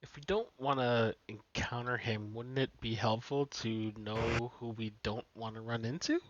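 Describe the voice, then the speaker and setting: A man's voice: medium pitch, fairly even intonation, normal speed, no echo, highs cut off. A man playing at a tabletop game, asking wry questions. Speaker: player. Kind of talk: casual chat at a game table.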